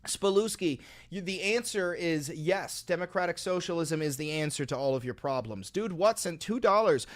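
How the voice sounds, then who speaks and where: A man with a fairly high voice, hosting a livestream and reading viewer donations aloud. He talks sarcastically, jumping from loud mock tirades to flat deadpan answers, on a close desk mic. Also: normal speed, few pauses. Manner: sarcastic, swings from loud mock rants to low dry replies.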